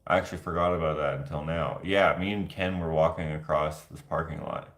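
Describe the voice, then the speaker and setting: Man, vlogger, very low voice, echoey room, rambling, jokey. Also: fairly even intonation, fairly quick, fairly bright tone. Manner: rambling, jokey, laughs easily. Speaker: vlogger answering viewer questions. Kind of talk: casual chat.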